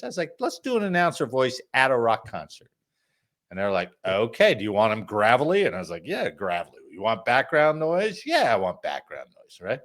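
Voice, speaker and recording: A man's voice: mid-range voice, normal speed. A man hosting a weekly news and variety podcast, telling a story in casual chat and swearing freely. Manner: profane, animated storytelling. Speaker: podcast host.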